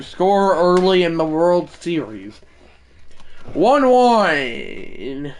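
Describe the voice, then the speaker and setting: Man shouting excited game play-by-play. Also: fairly high pitch, slow, a little hiss or hum. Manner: mock broadcaster calls that burst into shouting; rambling self-mocking asides. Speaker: gaming streamer. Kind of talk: casual play-by-play of a video game.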